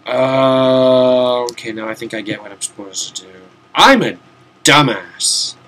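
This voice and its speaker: A man's voice: medium pitch, fairly even intonation, measured pace, fairly bright tone, slight background noise. A young man giving casual, rambling commentary while playing a video game, swearing now and then, talking to himself and sounding a bit tired. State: tired, yawning. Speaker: VTuber game streamer. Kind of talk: casual let's-play commentary. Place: home room, seated at a desk.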